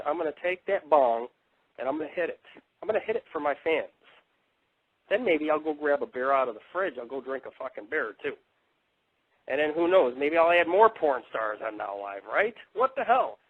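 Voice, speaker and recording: On tinny, phone-like dry audio, an internet radio host rants live in a rambling, swearing, combative monologue. His voice sits in the mid range.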